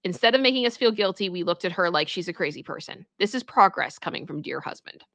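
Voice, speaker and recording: A woman streams herself reading a story aloud for the first time. She keeps breaking in with animated, exclaiming reactions. Her voice is bright and forceful, and the sound is dry and close. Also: lowish voice, quick pace, no echo. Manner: animated, exclaiming reactions between read passages.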